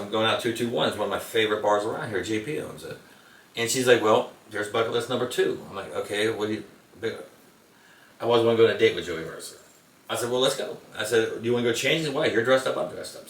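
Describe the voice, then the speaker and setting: Male interview guest, quick, rambling storyteller, recorded off-mic in a roomy space. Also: medium pitch, fairly bright tone. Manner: rambling anecdotes. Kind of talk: casual storytelling. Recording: echoey room, mic at a distance.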